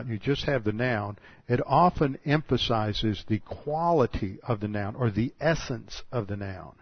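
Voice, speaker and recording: A man's voice: medium pitch, dry recording. A man from the United States teaching a Bible passage verse by verse, explaining carefully and often restarting his sentences. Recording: dull, dry recording.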